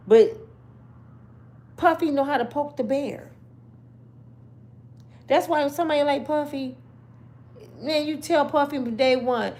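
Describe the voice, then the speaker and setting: A woman's voice: high voice, unhurried, pauses often, darkish tone. A woman host giving brash, profane storytelling commentary, laughing often.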